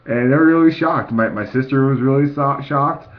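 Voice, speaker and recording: A man's voice: medium pitch, normal speed, muffled recording. Rambling young man on a laptop mic. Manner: rambling, repeats words and restarts. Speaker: fitness vlogger. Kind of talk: casual video diary. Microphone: computer mic.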